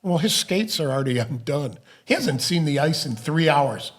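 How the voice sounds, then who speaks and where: A man's voice: a little high, big pitch swings, normal speed. A middle-aged man and former hockey player, co-hosting a podcast, chatting casually and chiming in eagerly with laughs. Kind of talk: casual chat.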